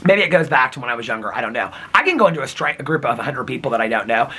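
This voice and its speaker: A man's voice: mid-range voice, lively intonation, racing, sharp tone, breathy edge. A man vlogging in casual, rambling storytelling, chatty and openly personal.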